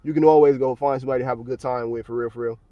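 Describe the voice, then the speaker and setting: A man's voice: medium pitch, fairly even intonation, racing, no room sound, muffled recording. An American man livestreaming from his parked car at work, chatting casually in a blunt, slang-heavy, profane way. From United States.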